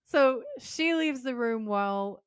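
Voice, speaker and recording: A woman's voice: fairly high pitch, animated, slow, clear, resonant tone, no room sound, clean studio sound. A woman co-hosting a podcast, chatting casually as she recaps episode scenes, reads dialogue aloud and giggles often. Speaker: podcast co-host.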